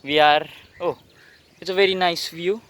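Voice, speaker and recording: A young man with an Indian English accent, vlogging outdoors while riding a bicycle through flooded streets, excitable and swearing a lot. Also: high-pitched, normal speed. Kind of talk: casual vlog commentary.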